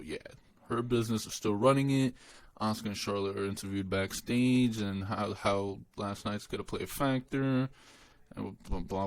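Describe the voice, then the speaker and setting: A man's voice: fairly low pitch, darkish tone. A young adult man giving a blunt, dismissive, profanity-laced recap of a wrestling show. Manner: blunt, dismissive, swears often.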